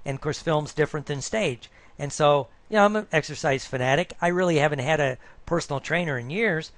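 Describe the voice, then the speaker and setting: Middle-aged man, coach, rambling casual monologue, voice a bit higher than most, dry close sound. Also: brisk, a bit bright, no echo. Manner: rambling, peppers talk with "right?".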